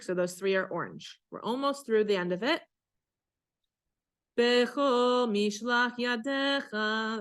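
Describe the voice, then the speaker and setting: A woman cantor with a bright, ringing voice leads a class in a synagogue. She explains each chanted phrase in a patient, conversational way. Then she sings the phrase slowly as an example. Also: medium pitch. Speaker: cantor teaching Torah chanting.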